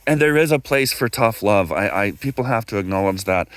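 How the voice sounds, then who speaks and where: A man's voice: animated, fairly quick, no echo. A middle-aged man from Canada telling stories in a loose, digressive way, full of fillers and restarts, lifting his voice when he acts out what people said. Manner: acts out quoted dialogue with raised pitch. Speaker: guest speaker, former electrical instructor. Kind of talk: casual storytelling talk.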